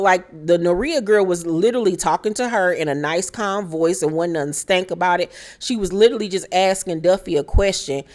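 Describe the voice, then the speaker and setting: Sassy, profane woman recapping a show. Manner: animated, profane, sassy, shouting high mock rants. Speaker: reality TV recap host. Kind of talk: casual recap commentary.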